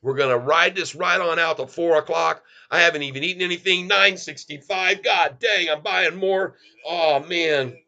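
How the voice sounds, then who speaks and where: Fairly high-pitched with vocal fry, this middle-aged man speaks at normal speed in a bright, forceful tone, captured on a muffled recording. As a stock livestream host, he exclaims over chart moves, addressing viewers directly as folks in excited live commentary.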